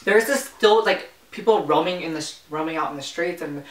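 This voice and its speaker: A woman's voice: sits low, brisk. A young woman hosting a casual mukbang chat, telling travel stories with lots of fillers while she eats. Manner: chatty, eating while talking, filler-heavy storytelling. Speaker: vlogger host. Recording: echoey room, mic at a distance.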